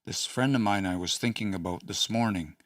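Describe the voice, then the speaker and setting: A man's voice: fairly low pitch, a little fast, a bit bright, no echo, studio quality, distant mic. A man hosting a casual study session, thinking aloud with hesitant restarts and small chuckles. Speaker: host studying a language.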